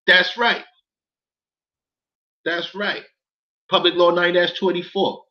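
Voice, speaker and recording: A livestream commentator rants at his chat in a high-pitched voice that barely moves in pitch, speaking slowly over lo-fi sound. Heated and profane, he repeats himself and swears more as he gets worked up.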